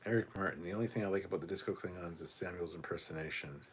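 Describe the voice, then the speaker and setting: A man with a very low voice chats loosely on a home livestream, reading out viewer comments with frequent swearing. A faint rumble hums underneath. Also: rapid-fire. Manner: relaxed, profane, reads viewer comments aloud. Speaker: podcast co-host reading chat comments. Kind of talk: casual livestream chat. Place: home room cluttered with costumes.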